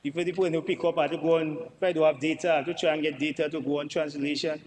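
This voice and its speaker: A man's voice: on the high side, level tone, very fast, darkish tone, in a large hall, slight background noise, low-quality recording. A Dominican man, a member of parliament, giving an emphatic debate speech in the chamber and repeating himself for stress.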